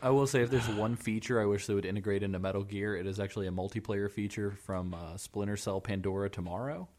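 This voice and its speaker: A man's voice: lowish voice, fairly even intonation, fast, a little mellow. A man co-hosting a casual gaming podcast, leading the recap with a wry, joking, profane manner. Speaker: podcast co-host narrating a game playthrough.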